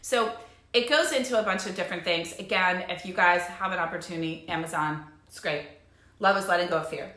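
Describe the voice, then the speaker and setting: A woman's voice: medium pitch, sharp tone. A woman talking in a casual live stream as a life coach, bubbly and chatty with lots of fillers. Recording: echoey room.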